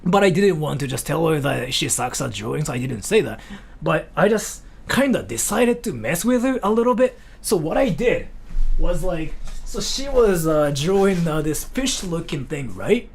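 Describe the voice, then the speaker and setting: Lively gravelly-voiced young man. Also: fairly high pitch, normal speed. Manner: rambling, animated, many "like" fillers. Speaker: livestream host. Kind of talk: casual storytelling chat.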